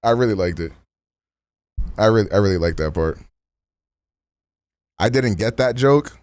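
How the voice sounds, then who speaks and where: A man's voice: on the low side, lively intonation, unhurried, darkish tone, no room sound, clean studio sound. A man streaming in a loose, slangy casual chat, full of restarts and fillers.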